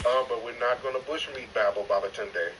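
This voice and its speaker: A man hosting a live online chat, roasting callers in a teasing, mock-stern way with loud bursts. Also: medium pitch, brisk. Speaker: host of a live audio chat stream. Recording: distant noisy online voice chat.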